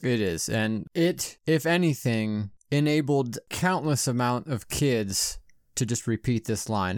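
A man's voice: medium pitch, unhurried, a little mellow, clean tone, no room sound. Laid-back man co-hosting, dry sound. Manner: laid-back, swears casually. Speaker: podcast co-host. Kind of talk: casual chat.

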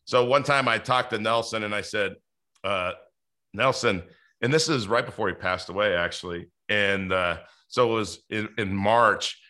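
A man's voice: fairly low pitch, moderate pace, bright, forceful tone. A man hosting a podcast interview, chatting casually with lots of fillers and restarts. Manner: rambling, many fillers and restarts. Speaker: podcast host.

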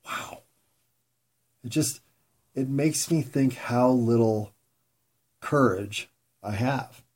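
Man, slow-paced, mid-range voice, rambling reflective monologue, swears a lot, self-mocking. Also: mid-range voice, a little mellow. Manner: rambling, pausing, frequent swearing.

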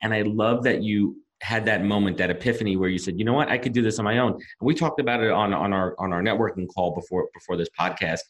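Fast-talking man, podcast host. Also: lowish voice. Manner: enthusiastic, quick interjections. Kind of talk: casual interview.

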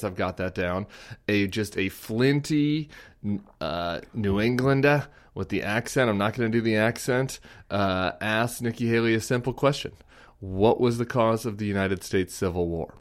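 Guy hosting a political podcast, lowish voice, chatty and animated, laughs a lot. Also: moderate pace. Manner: animated, reads out quotes with laughs. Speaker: podcast host. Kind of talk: casual political chat.

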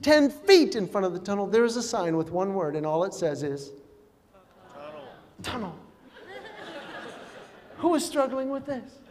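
Very high-voiced man doing stand-up. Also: brisk, hardly any pauses, crowd noise. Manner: animated, bursts into shouted acted-out quotes. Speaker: comedian. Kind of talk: stand-up comedy. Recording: live hall with long reverb, faint noise.

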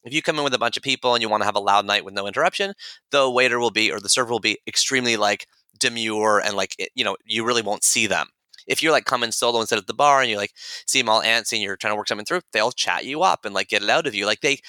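A man with a bright, forceful voice tells a story in a casual, chatty way. He acts out the dialogue with animated jumps in his voice. The sound is dry and close. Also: mid-range voice, dry recording. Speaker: podcast guest.

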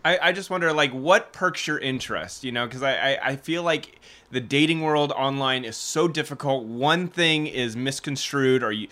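A male podcast co-host with a bright, forward voice. He asks his questions casually, often starting over before landing on the point. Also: mid-range voice, moderate pace. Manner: rambling, restarting questions.

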